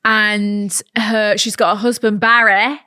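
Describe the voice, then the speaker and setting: A woman's voice: a little high, normal speed, fairly bright tone, no room sound, clean studio sound. A young woman with a Nottingham accent, co-hosting a podcast in playful, chatty talk, repeating words for fun. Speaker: podcast co-host. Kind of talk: casual chat.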